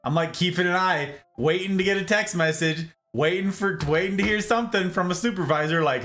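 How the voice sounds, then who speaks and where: A man's voice: fairly high pitch, fairly quick, hardly any pauses, soft background music. A man hosting a casual livestream, chatting with viewers in a jokey, exclamatory way. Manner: animated, jokey, exclaims and laughs often. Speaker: livestream host. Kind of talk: casual chat with live viewers.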